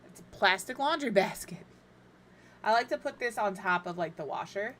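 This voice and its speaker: With lively intonation and a mid-range, slightly bright voice, a middle-aged woman chats at a moderate pace on a home live stream. She builds in a life-sim game, talks to her cat and viewers, and makes self-deprecating jokes; a little hiss or hum is audible.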